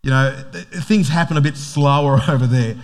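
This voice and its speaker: Chatty Australian pastor, joking and rambling. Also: male voice, medium pitch, moderate pace. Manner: chatty, joking, many fillers and restarts. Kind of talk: casual sermon.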